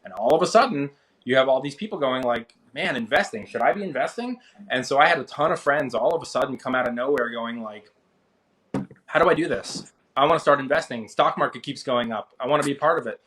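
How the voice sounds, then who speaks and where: Chatty man in his thirties telling a story. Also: fast talker. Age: 30s. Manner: animated, acts out quoted people with rising pitch. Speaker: interview guest, finance creator. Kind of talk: casual storytelling.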